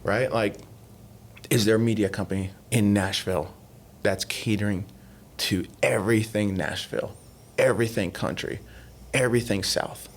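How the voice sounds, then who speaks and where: A man's voice: fairly low pitch, moderate pace. A man guesting on a podcast, telling stories in casual chat, acting out past talks and leaning on fillers. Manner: animated, retells talks in quoted voices, many fillers. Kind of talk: casual storytelling interview.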